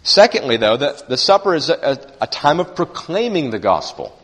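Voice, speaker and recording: A man's voice: medium pitch, sing-song, brisk, hardly any pauses, fairly bright tone. A male pastor preaching a sermon, earnest and emphatic, repeating phrases for stress. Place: church sanctuary. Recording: church sanctuary with long reverb.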